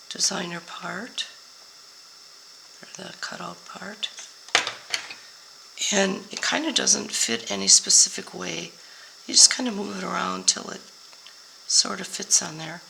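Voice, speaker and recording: Slow, gravelly older woman demonstrating crafts. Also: medium pitch, noisy background. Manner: slow, step-by-step explaining while working. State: hoarse, voice going out. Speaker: papercraft demonstrator. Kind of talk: card-making tutorial.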